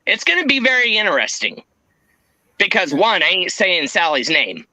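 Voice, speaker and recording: A man's voice: high voice, wildly swooping pitch, normal speed, pushed and bright, no room sound, rough recording. A man in a casual podcast chat, ranting with constant swearing and mocking impressions.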